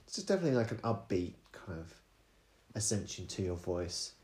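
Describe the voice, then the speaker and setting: A man's voice: sits low, sing-song, brisk, darkish tone, echoey room. A man with a British accent co-hosting a casual late-night podcast, tired, playful and wordy, hunting for words with fillers. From Britain. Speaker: podcast co-host.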